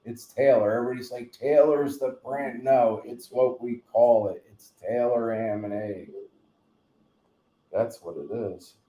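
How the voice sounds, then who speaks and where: A New man chats on a late-night home live stream, drifting from story to story with a joking, rambling ease. His voice is warm and mellow, and his words ring a little in a roomy, echoey space. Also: mid-range voice, fairly even intonation, measured pace, muffled recording. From New Jersey. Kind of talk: casual live stream chat. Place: home room, in bed. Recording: roomy echo.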